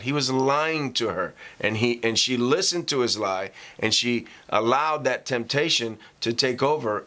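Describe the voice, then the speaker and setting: Speaking low but with a pushed, bright edge, a male pastor gives a relaxed vlog sermon. His talk is conversational and full of fillers, and he reads scripture slowly to stress it.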